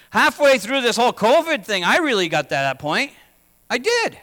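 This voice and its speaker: A man's voice: extremely high pitch, very animated, normal speed, pushed and bright. A man preaching a sermon as pastor, talking conversationally and asking the congregation questions. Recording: long hall reverb.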